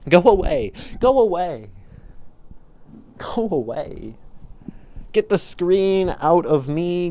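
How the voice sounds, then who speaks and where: A man hosting a livestream and improvising spoken word poetry, musing softly and then suddenly loud, laughing at himself and chatting to viewers between lines. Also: medium pitch. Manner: free-associating, musing, soft and intimate, then suddenly loud. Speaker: livestream host.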